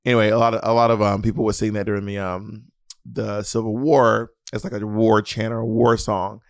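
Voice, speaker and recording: A man's voice: lowish voice, flat delivery, brisk, gravelly, dry recording, studio quality. A man co-hosting a podcast, chatting casually and teasing the others. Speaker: podcast co-host. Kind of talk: casual chat.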